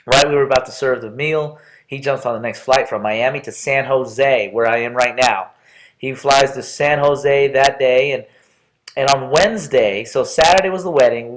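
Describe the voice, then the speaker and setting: A man's voice: mid-range voice, low-quality recording. A young man introducing himself to a class with a casual, rambling personal story, full of restarts and asides.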